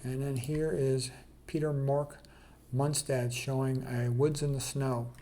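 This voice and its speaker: A man's voice: medium pitch, little pitch movement, slow pace, mellow. A man casually presenting an art slideshow, blunt and emphatic, with frequent "okay" and "you know".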